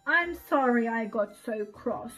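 Bouncy, excitable male bug voiced by a woman storyteller, high and lively. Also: takes it slowly, faint music behind, heavily acted, rough recording. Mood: earnest. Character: small cheerful male bug, eager.

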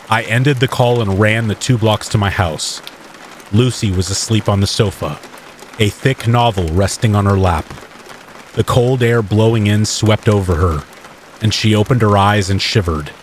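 Low-voiced man narrating a horror story. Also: a little hiss or hum. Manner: steady, measured storytelling. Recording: faint rain ambience mixed behind the voice.

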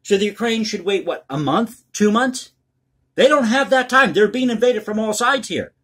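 Husky-voiced man ranting about the news. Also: high voice, animated, normal speed, a bit bright. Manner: blunt, crass, ranting. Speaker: political commentary host. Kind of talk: opinionated news commentary.

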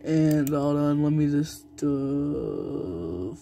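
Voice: medium pitch, wildly swooping pitch, very slow, vocal fry, dark tone, slight background noise. A young narrator telling a toy play story, rambling and stalling with fillers and humming, indoors at home.

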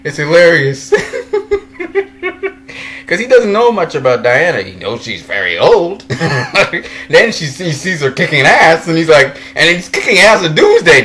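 Chatting about superhero movies, this commentator keeps laughing, giggles between sentences and puts on playful voices for characters he recalls. His voice is a little high and a bit bright.

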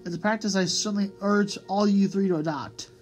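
A woman's voice: medium pitch, brisk, darkish tone, pitched above the performer's own voice, natural voice. A woman reading the part of a small, fussy male mouse who talks nervously and primly, with music playing behind. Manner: nervous and prim.

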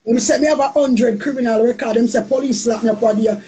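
A woman's voice: fairly high pitch, fairly even intonation, quick pace, warm tone. A woman with a Jamaican accent chatting on a live stream, playful and boastful, repeating phrases in a sing-song chant. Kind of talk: casual live-stream chat.

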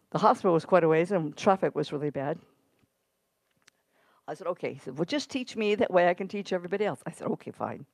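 Low-voiced woman preaching a story-filled sermon. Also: a little mellow, dry recording. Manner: conversational storytelling, building to emphatic exhortation. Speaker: guest preacher. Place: church sanctuary.

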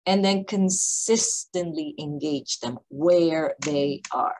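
A woman who founded a company, speaking on a video call panel with emphatic, deliberately slow, repetitive points. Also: deep voice, darkish tone, a little hiss or hum, low-quality recording. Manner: emphatic, repeats key points, speaks slowly on purpose.

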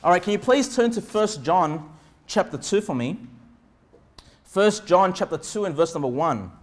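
A man preaching as pastor, with quick asides and sudden shouted lines. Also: high-pitched, expressive. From Australia. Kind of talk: sermon.

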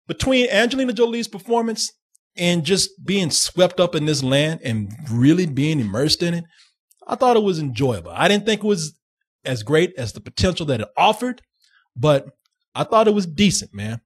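High, husky guy cracking jokes on a movie review show, voice swinging all over. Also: moderate pace. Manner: animated, laughing, profane, joking. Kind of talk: casual chat.

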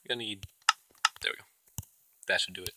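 A man's voice: low-pitched, fairly even intonation, a little fast, bright, forceful tone, a little hiss or hum, low-quality recording. A man hosting his own gaming channel, giving casual, chatty commentary as he plays and talking to the creatures in the game. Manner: chatty, talks to himself and the game mobs.

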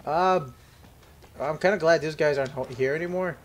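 A man's voice: on the high side, moderate pace, a little hiss or hum. A young man giving let's play commentary on a horror game, rambling and joking to himself. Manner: jokey, rambling self-talk. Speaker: gaming commentator.

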